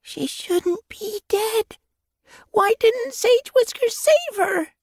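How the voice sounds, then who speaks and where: A man's voice: extremely high pitch, animated, a little slow, vocal fry, dry recording, studio quality, pitched above the performer's own voice, exaggerated voice. A man voicing a young female cat apprentice in an audiobook, pleading and emotional. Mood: grieving. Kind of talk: audiobook character voice.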